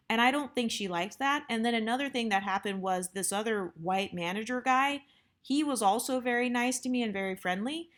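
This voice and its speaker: A woman's voice: medium pitch, fairly bright tone. A young adult woman telling a workplace story in a casual, rambling way, full of fillers and blunt asides. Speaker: storytime vlogger.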